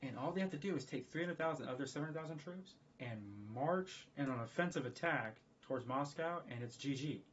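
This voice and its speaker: A man talking casually on a livestream in a rambling, profane, excitable way. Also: a little high, a little fast, hardly any pauses, slight background noise. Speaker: streamer. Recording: dull lo-fi stream audio.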